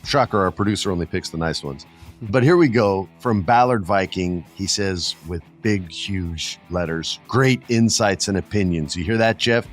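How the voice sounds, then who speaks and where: A man's voice: low-pitched, normal speed, soft background music. A man hosting a podcast, chatting in a laid-back, slangy and jokey way. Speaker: podcast host. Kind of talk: casual podcast chat.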